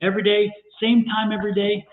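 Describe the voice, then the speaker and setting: Animated man reading tarot over a tinny line. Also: sits high, fast. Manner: energetic, exclamatory, coaxing and repetitive. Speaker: tarot reader and co-host. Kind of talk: live tarot reading stream. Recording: echoey room over a tinny phone-like line.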